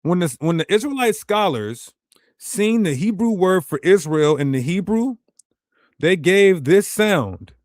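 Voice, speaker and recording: A man's voice: high voice, expressive, a little slow, no echo, studio quality. A man teaching a ministry presentation in an emphatic, rhetorical way, talking straight to his viewers.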